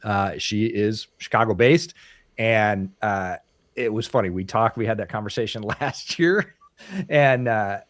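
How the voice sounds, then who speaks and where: Low-voiced man telling a story. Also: measured pace. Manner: animated storyteller, acts out quotes. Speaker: podcast co-host. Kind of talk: casual chat, storytelling.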